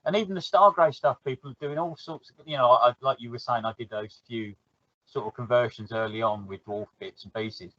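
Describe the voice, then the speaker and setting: A man's voice: medium pitch, a little fast, a bit bright, dry recording. Chatty South London man, dull dry audio. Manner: chatty, laughs easily, acts out little quoted exchanges. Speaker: guest. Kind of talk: casual podcast chat.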